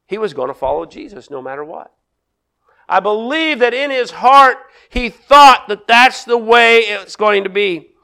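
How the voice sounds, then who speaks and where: A middle-aged male pastor preaching a sermon, acting out quoted lines with big swings in loudness. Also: high-pitched, expressive, unhurried.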